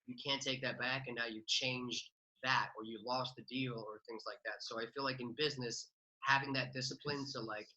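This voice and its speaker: A man's voice: medium pitch, fairly even intonation, pushed and bright, highs cut off. A man talking casually as a podcast guest, chatty with lots of filler words. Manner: fast, chatty, many "like" fillers. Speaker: podcast guest, real estate investor. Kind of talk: casual interview talk.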